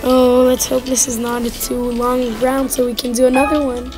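A woman hosting a casual gameplay chat, excitable and jumpy, giggling and teasing her teammate. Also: high voice, moderate pace, over music, rough recording. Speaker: gaming channel host.

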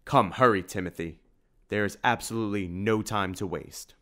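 A man's voice: fairly low pitch, normal speed, a bit bright. A man doing a formal, earnest hero. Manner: formal, commanding. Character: noble, earnest adult male vampire hunter.

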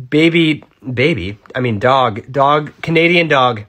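A man's voice: medium pitch, animated, takes it slowly, few pauses. Sarcastic young man ranting jokingly. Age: 20s. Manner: sarcastic, rambling, jumps between loud outbursts and mutters. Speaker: comedy creator. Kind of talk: casual comedic monologue.

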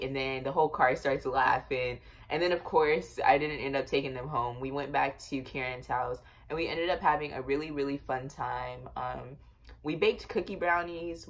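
A young woman casually telling a storytime tale to her viewers, chatty and animated, with lots of fillers. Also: deep voice. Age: young adult. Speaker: vlogger.

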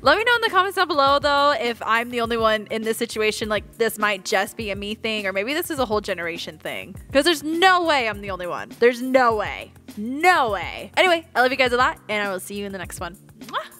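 A woman's voice: fairly high pitch, big pitch swings, quick pace, hardly any pauses, sharp tone, faint music behind. A young woman hosting a casual movie reaction video, joking and swearing freely. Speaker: YouTube reaction host.

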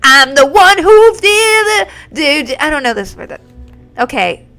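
A woman streaming a video game live, reacting excitably with yelps and exclamations. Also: high-pitched, unhurried. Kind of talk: live gameplay commentary. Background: faint game music.

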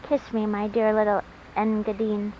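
A woman's voice: mid-range voice, monotone, normal speed, lightly acted. A woman voicing a talkative, self-pitying old widow who gushes in a childish way, recorded on a dull lo-fi track with faint hiss. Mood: gushing.

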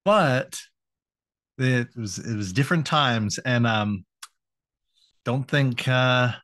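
Male co-host, unhurried recap delivery, dry close-mic sound, hesitant and easygoing. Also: mid-range voice, a bit bright, dry recording. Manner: hesitant, lots of uh and um, quick to laugh. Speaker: podcast co-host. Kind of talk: casual chat recapping a cartoon episode.

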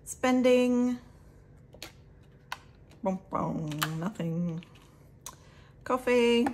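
A woman's voice: fairly high pitch, extremely slow, noisy background. An Australian woman vlogging casually at home, chatting to viewers while counting out cash. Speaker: budget vlogger.

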